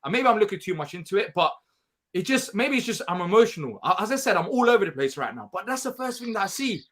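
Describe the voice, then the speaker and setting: A man's voice: high voice, big pitch swings, quick pace, fairly bright tone. A man co-hosting a live fan stream, speaking emotionally and earnestly, often repeating himself. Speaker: co-host. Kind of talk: live fan reaction chat.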